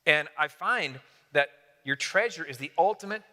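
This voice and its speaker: A man preaching a sermon in an animated, conversational, humorous storytelling way. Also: on the high side, moderate pace, long reverb tail. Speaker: pastor. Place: church.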